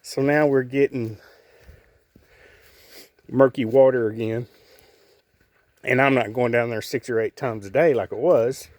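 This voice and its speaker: A man's voice: mid-range voice, steady tone, a little slow, pauses often, a little mellow, no room sound. A man casually narrating a homemade video, rambling in a folksy way and chatting to his cats as he goes. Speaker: homeowner showing his projects.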